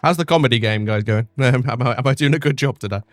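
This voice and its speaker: A man's voice: mid-range voice, quick pace, no room sound, studio quality. A young man streaming a video game, chatting casually, self-mocking and full of fillers. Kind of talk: casual chat over gameplay.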